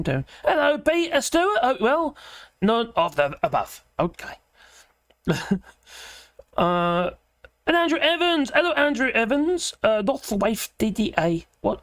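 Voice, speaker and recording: Give me a hoarse British woman chatting on a live stream, her pitch swinging up and down a lot. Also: no room sound. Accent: British English. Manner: chatty, laughs often, greets viewers. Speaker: livestream host. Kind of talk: casual political live chat.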